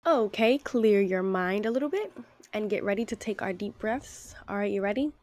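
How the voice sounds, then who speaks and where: A woman's voice: medium pitch, normal speed, darkish tone, no echo. A woman of about twenty hosting a casual solo podcast, talking candidly and affectionately to her listeners, with frequent swearing. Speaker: podcast host. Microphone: podcast microphone.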